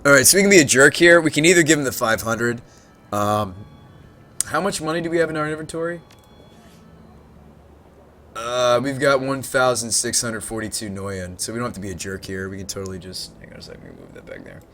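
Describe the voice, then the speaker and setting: A man chatting casually while playing a game on stream, thinking aloud about what to do next. His voice sits at a medium pitch, and his talk is unhurried and conversational. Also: expressive, bright, forceful tone, a little hiss or hum. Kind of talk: casual gameplay chat.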